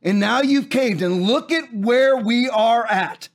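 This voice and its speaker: Fiery high-voiced male preacher-host. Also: slow. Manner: preachy, forceful, repeats phrases for emphasis. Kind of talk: fiery political commentary with scripture.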